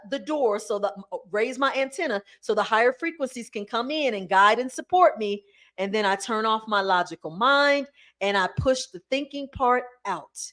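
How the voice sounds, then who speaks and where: A woman hosts a live spiritual talk. She preaches in an animated, coaxing way and calls her listeners y'all. Her voice sits a little high. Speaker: spiritual livestream host. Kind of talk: spiritual teaching to a live audience.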